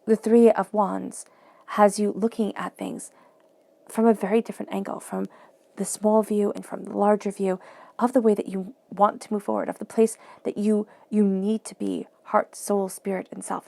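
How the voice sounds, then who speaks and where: A woman's voice: medium pitch, flat delivery, moderate pace, creaky, dark tone, dry recording. A woman giving a flowing, encouraging tarot reading, often acting out quoted self-talk. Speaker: tarot reader.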